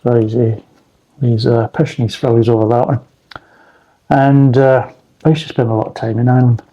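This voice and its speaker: Guy doing a beer review, mellow voice, swears a lot and rambles, bit lo-fi sound. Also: mid-range voice, flat delivery, normal speed. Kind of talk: casual chat.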